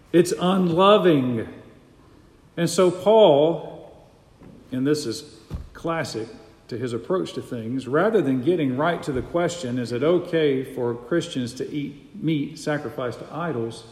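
A man's voice: on the high side, a little mellow. A man preaching a sermon as a pastor, emphatic and repeating his key phrases for weight. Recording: echoey hall.

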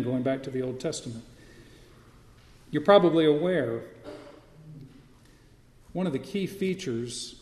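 Male pastor, sermon, mellow higher voice, teaching tone, roomy reverberant hall. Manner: teaching, asks the listeners questions. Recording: echoey hall, voice from far off.

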